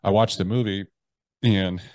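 A man in his thirties speaks as a podcast guest, telling his story candidly in a voice that sits on the low side. He is blunt and swears freely, often breaking off and restarting his sentences. The sound is dry and close to the mic, with no room echo. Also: steady tone, measured pace, a little mellow. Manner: blunt, profane, with frequent restarts.

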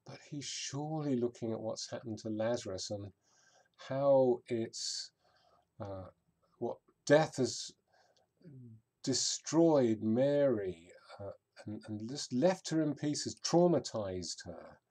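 A male vicar preaching a sermon at an unhurried, deliberate pace. His voice is mellow and warm, mid-pitched, thoughtful and reflective, with pauses as he works through the passage. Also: lively intonation.

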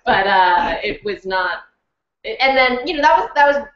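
A woman talking casually in an interview, chatty and animated, laughing often and full of fillers. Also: on the high side, a little slow, a little hiss or hum. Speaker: interview guest, audiobook narrator and actress. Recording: roomy, dull lo-fi sound.

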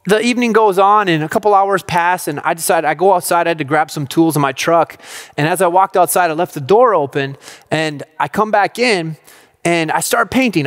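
A man in his thirties preaching a youth sermon, telling a personal story with lively quoted outbursts and direct appeals to his listeners. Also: fairly high pitch. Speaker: youth pastor.

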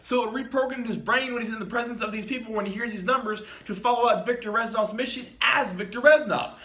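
A man's voice: extremely high pitch, fast talker, bright, forceful tone, reverberant. A man giving a casual, rambling, profane video review of a game as host of his channel.

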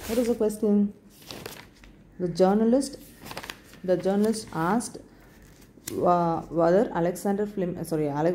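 A woman with an Indian English accent teaches a recorded English lesson in a low, mellow voice. She talks slowly, says each word again and spells it out letter by letter. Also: a little hiss or hum. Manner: slow, repeats words and spells them letter by letter.

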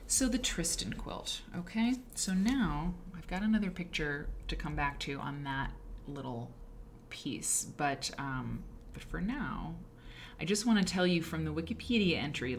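A woman hosts a live stream in a low voice, chatting casually and wandering off into asides. She corrects herself often and keeps the tone loose. A faint background hiss sits under her voice. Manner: chatty and rambling, with frequent asides and self-corrections. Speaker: livestream show host. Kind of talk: casual live-stream talk about quilt history.

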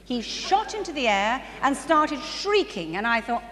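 A high-voiced woman gives sermon-style testimony at a church conference, full of animation and frequent laughter that climbs into bursts of excitement. The sound comes from a distance in an echoing hall, with faint ambient noise present.

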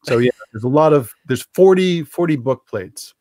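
A man's voice: on the high side, animated, moderate pace, warm tone, no echo, studio quality. A man, an author, chatting on a video call, telling stories in a rambling, self-correcting way. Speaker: author guest. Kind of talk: casual video call interview.

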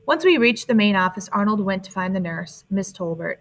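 Brief: woman narrator, medium pitch, reads a novel evenly and simply. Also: a little fast, poor audio. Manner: plain, steady first-person reading. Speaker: audiobook narrator. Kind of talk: audiobook narration.

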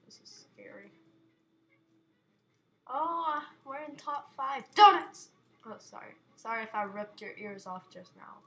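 A woman's voice: medium pitch, moderate pace, creaky, hardly any pauses, sharp tone. A woman hosting a casual gaming video from her bedroom, chatty and giggly with playful dramatic outbursts. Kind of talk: casual let's-play commentary.

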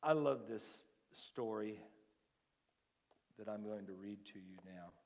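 A man preaching a sermon as lead pastor, telling a story slowly, his phrases trailing off softly before rising to fervent emphasis. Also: fairly low pitch. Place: church sanctuary. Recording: long church-hall reverb.

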